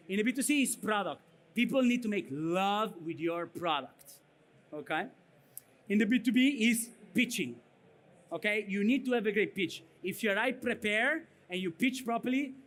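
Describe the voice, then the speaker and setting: A man with a thick Italian accent delivers a conference keynote in a high voice. He speaks bluntly and punchily. He keeps checking in with the audience with "right?" and "okay?". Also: fairly bright tone. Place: conference stage.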